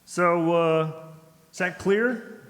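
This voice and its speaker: A man's voice: sits high, drawn-out words. A man playing a laid-back, rambling pirate hero. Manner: casual slacker talk, lots of "like" and "uh". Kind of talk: live stage reading of a parody script. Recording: reverberant convention hall.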